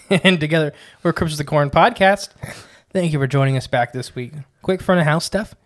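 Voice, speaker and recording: A man with a fairly high voice co-hosts a laid-back podcast. He rambles along casually and fills his speech with "uh" and "like". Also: a little fast. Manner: chatty, rambling, frequent "uh" and "like". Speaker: podcast co-host.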